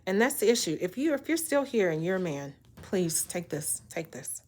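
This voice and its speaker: A woman vlogger in a casual to-camera monologue, blunt and exasperated. Her voice sits a little low. She punches key words and repeats herself when she gets worked up. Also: very animated, normal speed, darkish tone. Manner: blunt, emphatic, exasperated ranting. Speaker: vlogger giving relationship talk.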